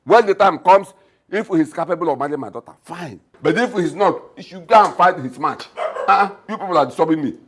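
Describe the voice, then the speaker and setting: A man's voice: fairly high pitch, lively intonation, fairly quick, a little hiss or hum, natural voice. A man playing a scornful Nigerian father. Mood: dismissive. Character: gruff scornful father, mocking and bossy. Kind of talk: Nollywood film acting.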